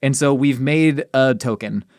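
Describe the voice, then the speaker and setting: A man hosts a podcast with a mid-pitched voice, joking wryly and poking fun at himself in easy conversation. The sound is dry and close to the mic. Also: measured pace, dry recording. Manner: wry, joking, self-deprecating. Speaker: podcast host. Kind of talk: casual podcast chat.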